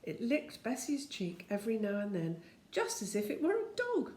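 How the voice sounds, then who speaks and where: A woman's voice: a little high, wildly swooping pitch, moderate pace, a little mellow. Older woman, homely storybook reader with chatty asides, echoey room. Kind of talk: reading a children's book aloud.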